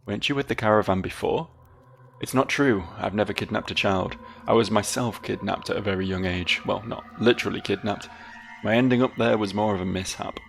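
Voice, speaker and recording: A man's voice: fairly low pitch, fairly quick, creaky, faint music behind. A British man reading as a theatrical fallen singer woman. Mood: mournful.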